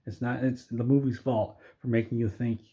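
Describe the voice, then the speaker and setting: A man delivering a sarcastic comedic movie rant in a deadpan, mock-earnest way, often stumbling over his words and restarting. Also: mid-range voice, moderate pace. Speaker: video creator. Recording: dull lo-fi recording.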